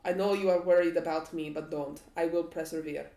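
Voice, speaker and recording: Brief: woman doing a nervous, affectionate vampire lord, hushed and hurried, roomy echo. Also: low voice, steady tone. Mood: urgent. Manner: hushed, urgent, tender. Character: paranoid, loving male vampire lord. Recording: echoey room.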